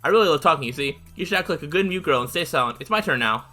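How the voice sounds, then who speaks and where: A man's voice: a little high, lively intonation, rapid-fire, pushed and bright, faint music behind. A man voicing a brash, cruel, playful teenage girl while reading a visual novel aloud, in a teasing, rambling way. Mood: mocking. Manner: teasing, rambling, mock-cheerful.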